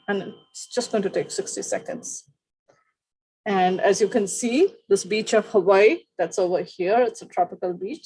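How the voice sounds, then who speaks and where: Woman wellness coach, mellow gravelly tone, calm instructive delivery, outdoors on a beach. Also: mid-range voice, low-quality recording. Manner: calm, instructive, repeats short phrases. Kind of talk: teaching talk and guided breathing relaxation.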